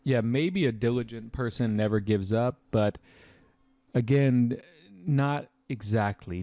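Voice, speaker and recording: Low-voiced casual male test-prep tutor. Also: darkish tone, no echo. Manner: casual, chatty, uses fillers and quick asides. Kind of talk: explaining vocabulary answers.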